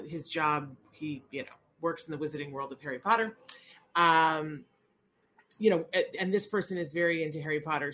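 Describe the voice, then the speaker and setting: A woman's voice: sits low, sharp tone. A middle-aged woman hosting a casual livestream, talking in a chatty, rambling way that keeps interrupting itself. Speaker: livestream host.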